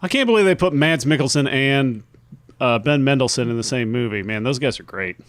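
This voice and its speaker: A man on a comedy podcast who tosses in short quips with a lively, swooping voice that sits on the high side. The sound is dry and close, with no room ring. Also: a little fast, dry recording. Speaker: podcast guest commentator. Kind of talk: casual comedic film chat.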